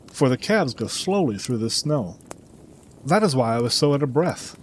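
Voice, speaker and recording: Distraught middle-aged banker, formal and earnest, lively pitch, voiced by a male narrator. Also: slight background noise, natural voice, poor audio. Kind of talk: audiobook character reading.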